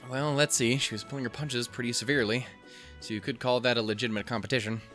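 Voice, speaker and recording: A man in a middle pitch who comments on a visual novel in a sarcastic, rambling way, swearing often and reading lines aloud. Game music plays faintly behind him. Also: fairly even intonation, quick pace, fairly bright tone. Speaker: let's play host.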